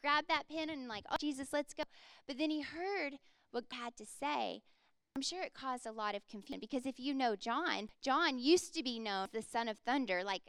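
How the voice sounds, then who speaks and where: A woman's voice: high-pitched, a bit bright, clean tone, no echo. A woman in her thirties preaching a sermon as a pastor, earnest and conversational, with frequent casual fillers.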